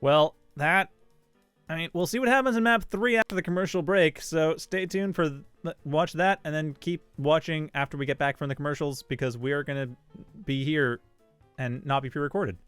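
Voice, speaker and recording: A man calling a mobile shooter esports match live, with quick play-by-play and casual banter. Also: fairly high pitch, fairly bright tone, clear, resonant tone, no echo, soft background music. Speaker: esports caster.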